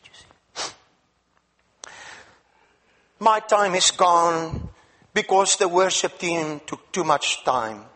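A man's voice: high-pitched, fairly bright tone. A man from Africa preaching a sermon as a guest speaker, emphatic, asking the congregation questions and repeating words.

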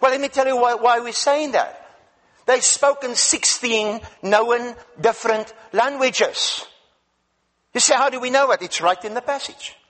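A man's voice: extremely high pitch, a little slow, a bit bright. A man from Africa preaching a sermon as a guest speaker, emphatic, asking the congregation questions and repeating words.

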